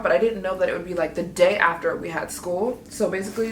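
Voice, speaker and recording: A woman telling a story in a casual vlog, chatty and excitable, often acting out what she and others said. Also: mid-range voice, fast, hardly any pauses, a little hiss or hum. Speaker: travel vlogger. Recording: echoey room.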